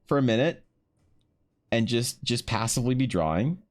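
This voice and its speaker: A man's voice: medium pitch, expressive, normal speed. A man streaming live while he draws, talking to his chat in a stammering, emotional way, restarting his words and swearing often.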